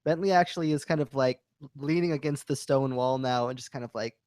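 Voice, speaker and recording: A man's voice: mid-range voice, fairly quick, darkish tone, no echo. A man speaks as a player in a tabletop game, his voice dry and close with no room around it. He describes his character's actions at length and wanders through filler words.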